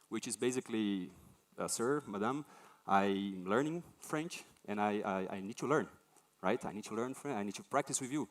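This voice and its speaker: Man giving a lively talk. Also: lowish voice, moderate pace. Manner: animated storytelling, acts out quoted voices. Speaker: conference speaker. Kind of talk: conference talk.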